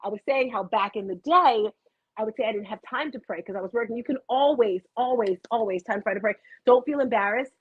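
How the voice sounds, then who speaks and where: Brief: middle-aged woman, motivational host, husky, fairly high voice, rambling and animated, tinny dry webcam audio. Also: fairly quick. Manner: chatty, goes off on tangents, animated storytelling. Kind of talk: rambling live motivational talk. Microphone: computer webcam.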